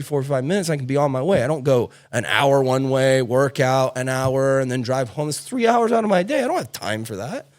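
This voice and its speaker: A man hosting a podcast, telling stories in a blunt, casual way and swearing freely. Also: fairly high pitch. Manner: animated, blunt storytelling with swearing. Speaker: podcast host. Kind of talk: casual chat.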